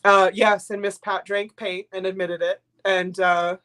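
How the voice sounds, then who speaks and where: A woman's voice: medium pitch, little pitch movement, a little slow, a bit bright. An older woman hosting a live stream in casual chat, rambling and emotional, sniffly from crying. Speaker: livestream host.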